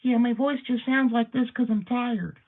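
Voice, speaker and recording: A man mimicking a sleepy young teenage boy, with a high, slow, drawn-out voice. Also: steady tone. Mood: drowsy. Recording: tinny phone-like sound.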